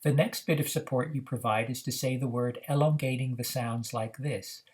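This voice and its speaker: A man teaching how to run a reading activity, explaining in a measured way with frequent "uh" fillers. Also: medium pitch, fairly even intonation. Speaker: reading program instructor. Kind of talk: instructional demonstration.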